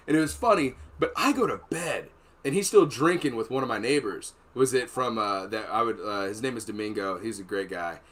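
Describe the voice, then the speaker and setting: Male podcast host, mid-pitched, swears constantly, rambles through his war stories. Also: a bit bright. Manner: rambling, profane, laughing between stories. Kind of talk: casual storytelling chat.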